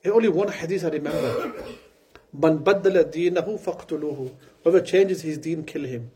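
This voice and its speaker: A man voicing a broken old sheikh, hushed. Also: fairly high pitch, rapid-fire, slight background noise, close to an everyday voice. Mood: broken, subdued. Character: fallen old male sheikh, broken and ashamed.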